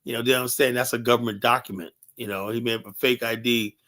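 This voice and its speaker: Man, show host, blunt, rambling, profane, casual monologue, mid pitch. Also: fairly even intonation, fast talker, bright, forceful tone.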